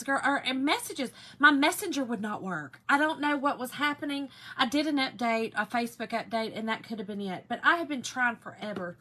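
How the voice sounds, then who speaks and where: A woman from Georgia with a Southern accent hosting a craft live stream in a hoarse, raspy voice, chatting and greeting viewers by name. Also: sits high, pushed and bright. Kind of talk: casual live-stream chat.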